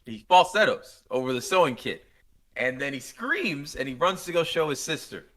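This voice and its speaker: In casual podcast banter, a young co-host recounts stories with lots of energy, performing the scenes and voicing the people he quotes. He has a mid-range voice and a normal pace.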